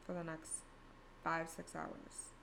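Gravelly-voiced young woman telling a story. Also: sits low, monotone, slow, background noise. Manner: candid, profane, self-mocking. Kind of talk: casual storytime monologue.

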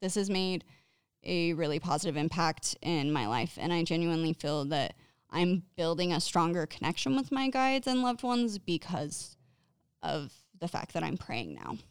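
A woman's voice: lowish voice, big pitch swings, moderate pace, smooth, dry recording, clean studio sound. A woman giving casual self-care advice, candid and chatty, swearing freely and laughing at herself.

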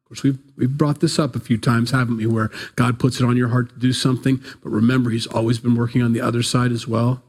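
A man's voice: mid-range voice, flat delivery, fast, a little mellow, slightly rough. Man preaching in a chatty, playful style. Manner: casual storytelling, acts out biblical characters in playful voices. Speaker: pastor. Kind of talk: conversational sermon.

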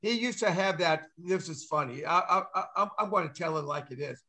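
Older man, high bright voice, teasing, chiming in with stories. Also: lively intonation, fairly quick. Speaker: former ballplayer on a panel. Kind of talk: casual storytelling on a panel.

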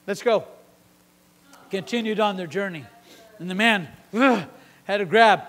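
A man's voice: high-pitched, unhurried, long pauses, a bit bright. Man, pastor, sermon, dramatic storyteller, long hall reverb. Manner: dramatic, acts out the Bible characters' lines.

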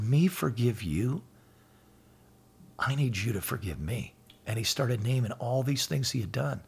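A man's voice: mid-range voice, creaky, breathy edge. A middle-aged man on a faith talk show, earnestly telling personal stories, quoting scripture and acting out the dialogue of others. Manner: earnest storytelling, quotes scripture and acts out dialogue. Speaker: podcast guest sharing faith stories.

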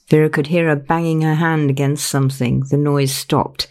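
A woman narrating her own novel in a measured, unhurried reading. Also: deep voice, level tone, creaky, darkish tone. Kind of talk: audiobook narration.

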